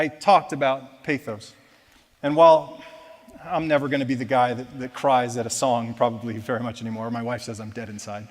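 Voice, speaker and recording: A man giving a personal testimony at church, telling his story in a conversational, self-deprecating way that moves between lively retelling and quiet reflection. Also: mid-range voice, in a large hall. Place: church auditorium.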